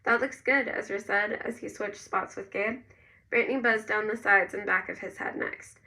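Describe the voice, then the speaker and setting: Bright, gravelly woman narrating a novel. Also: medium pitch, fairly even intonation, moderate pace, recorded from a distance, poor audio. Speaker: audiobook narrator. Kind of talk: first-person novel narration.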